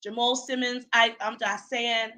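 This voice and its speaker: A woman from Bermuda chats as a podcast guest, her voice bright, clear and a little high. She tells her stories with lively energy and laughs often, coming through a video call. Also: measured pace. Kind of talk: casual chat.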